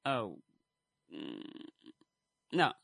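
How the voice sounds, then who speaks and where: A man's voice: fairly low pitch, wildly swooping pitch, extremely slow, creaky, a bit bright, no echo. A man giving comedic, sarcastic commentary on tech, rambling with many fillers and restarts. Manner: sarcastic, mocking asides.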